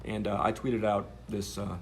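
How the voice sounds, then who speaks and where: A man's voice: lowish voice, flat delivery, normal speed, gravelly, a little hiss or hum. A man telling a story to camera in a sardonic, rambling way, with many fillers.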